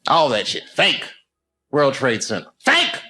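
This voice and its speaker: A man's voice: medium pitch, big pitch swings, normal speed. A man doing stand-up crowd work, riffing loosely and profanely with the audience at a live show. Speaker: stand-up comedian. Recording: live club show, loud background noise. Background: audience laughter.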